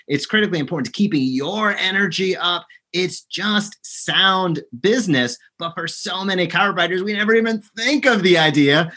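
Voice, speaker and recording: A man's voice: fairly high pitch, sharp tone, slightly rough. A man who is a guest on a podcast interview, explaining his service in an earnest, emphatic, persuasive way. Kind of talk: interview conversation.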